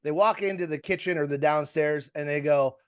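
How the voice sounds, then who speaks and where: Rambling, higher-pitched male coach speaking to a group on a video call. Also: fairly quick, smooth. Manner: rambling and conversational, with many restarts and fillers. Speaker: real estate coach. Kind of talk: live coaching talk to a group.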